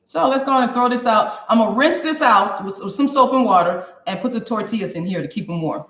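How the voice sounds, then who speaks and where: A woman's voice: fairly high pitch, expressive, fast talker, a bit bright. A woman hosting a casual live cooking stream from her home kitchen, chatting straight to her viewers. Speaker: cooking show host. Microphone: camera on a stand for a live stream. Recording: roomy, dull kitchen sound.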